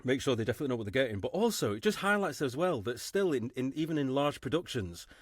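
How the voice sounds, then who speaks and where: A man co-hosts a relaxed podcast, jokey and animated, his pitch swinging widely. The sound is close and dry, with little room. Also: quick pace, dry recording. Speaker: podcast co-host. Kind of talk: casual podcast chat.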